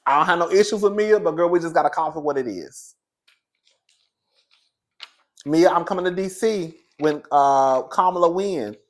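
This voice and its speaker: A man giving casual, sassy commentary on a reality TV episode, chatty and quick to laugh. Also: fairly high pitch. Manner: sassy, chatty, laughs often, calls viewers "girl" and "baby". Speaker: reality TV reviewer.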